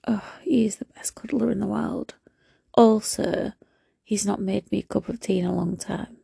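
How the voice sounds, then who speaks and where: A young woman hosting a casual solo podcast, talking softly and often slipping into a whisper. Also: mid-range voice, steady tone, moderate pace, gravelly, breathy edge, no echo. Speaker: podcast host.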